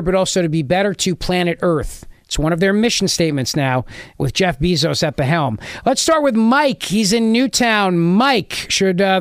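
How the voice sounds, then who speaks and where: A man's voice: high-pitched, no echo, clean studio sound. A man hosting a call-in talk radio show, sarcastic and mocking as he takes calls. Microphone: studio mic.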